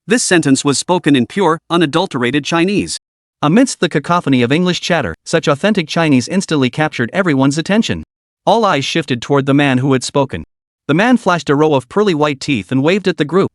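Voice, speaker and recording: A man's voice: a little high, lively intonation, a little fast, no room sound, studio quality. A man narrating a comic recap with dramatic storytelling.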